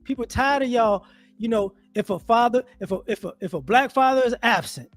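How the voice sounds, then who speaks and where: A man giving casual monologue commentary as an online commentator, animated and rhetorical, often restarting his sentences. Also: extremely high pitch, fairly quick, soft background music.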